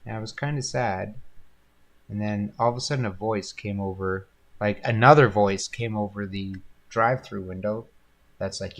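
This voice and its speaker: A man's voice: fairly low pitch, normal speed, fairly bright tone. A man hosting a painting livestream, chatting casually and rambling, with frequent laughs. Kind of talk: casual chat while painting.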